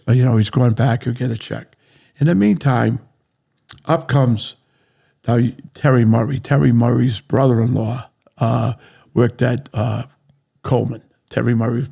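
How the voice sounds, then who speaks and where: A man with a New England accent, telling a long business story on a podcast and acting out everyone's lines as he goes. His voice is gravelly, with a husky edge. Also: mid-range voice. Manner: animated anecdotes, acting out other people's lines. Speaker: real estate developer.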